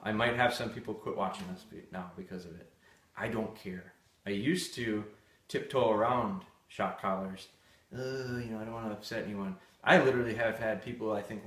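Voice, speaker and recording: A man hosts a live dog-training session, answering viewers' questions bluntly and candidly, often through stories. His voice is lowish with a fairly bright tone, and the room sounds echoey.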